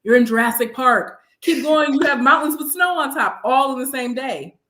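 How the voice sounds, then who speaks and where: Animated woman guest, echoey room. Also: high-pitched, normal speed. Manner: animated, laughing storyteller. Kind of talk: casual chat. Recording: roomy echo.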